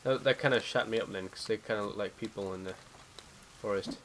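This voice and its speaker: A man giving casual gameplay commentary as he plays. He gets excited and spooked easily and swears freely. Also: fairly low pitch, brisk, slight background noise. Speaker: let's play gamer.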